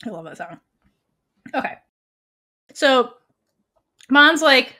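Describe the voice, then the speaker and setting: A woman's voice: sits high, big pitch swings, slow, long pauses, sharp tone. A woman co-hosting a podcast, chatting casually as she recaps a series scene by scene and acts out the characters' lines, laughing often. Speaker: podcast co-host.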